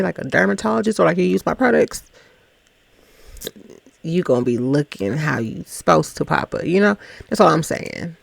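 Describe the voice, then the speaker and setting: A woman's voice: mid-range voice, vocal fry, no room sound. A woman hosting a casual reality TV recap, chatty and gossipy with teasing asides.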